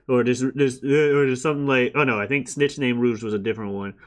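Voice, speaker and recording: An American man co-hosting a podcast in casual chat, playful and quick with jokes and bits of song. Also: mid-range voice, steady tone. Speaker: podcast co-host.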